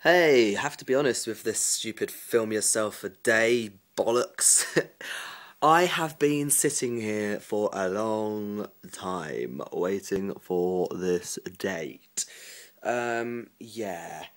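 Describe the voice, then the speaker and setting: Lower-voiced man chatting to his phone. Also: lively intonation, takes it slowly. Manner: chatty, rambling, mimics other people's voices, laughs often. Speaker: vlogger. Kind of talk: casual storytelling to camera. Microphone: phone camera.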